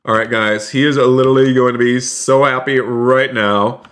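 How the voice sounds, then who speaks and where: An eager man commentates his game stream in a voice of ordinary pitch. He narrates every move to his viewers with constant exclamations and says many lines twice. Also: fairly even intonation, normal speed, a bit bright, a little hiss or hum. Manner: repeats phrases, keeps saying "you guys". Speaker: streamer playing a roleplay game.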